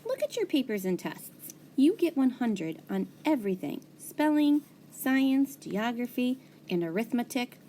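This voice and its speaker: A woman's voice: on the high side, very animated, a little slow, dark tone, slight background noise, voice pushed up. A woman voicing a schoolteacher in a children's storybook, precise and teacherly, kind at times and grumpy at others. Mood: encouraging. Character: teacher woman, kind then cross and stern. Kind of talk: storybook character reading.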